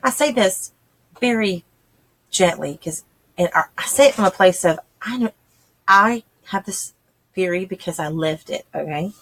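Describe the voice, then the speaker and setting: A woman's voice: medium pitch, animated, unhurried. A woman, talking casually and chattily to homeschooling parents, acting out quoted voices as she explains. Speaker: homeschool channel host.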